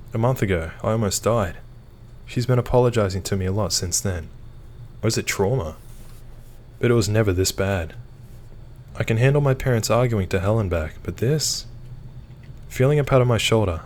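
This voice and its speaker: A man's voice: fairly low pitch, a little mellow, slight background noise. A young man reading a visual novel aloud and adding easygoing asides. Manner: easygoing asides between narration. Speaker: game reader and let's player.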